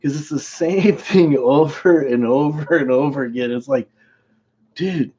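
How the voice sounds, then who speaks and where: A man's voice: medium pitch, normal speed, warm tone, husky, muffled recording. A man hosting a live stream in casual chat, rambling, laughing often and greeting viewers by name.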